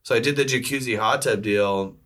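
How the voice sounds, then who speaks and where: A man swaps stories in relaxed talk among friends. His voice is bright and forceful, and he dives into the tale, switching into the voices of the people he quotes. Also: medium pitch, a little fast. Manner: animated storytelling, acts out quoted voices. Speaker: storyteller. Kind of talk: casual chat.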